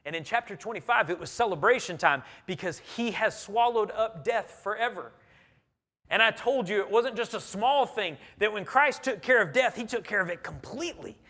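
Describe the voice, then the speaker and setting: A man preaching a sermon in a church, earnest and emphatic, swinging between loud and quiet. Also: sits high, lively intonation, normal speed. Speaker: pastor. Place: church sanctuary.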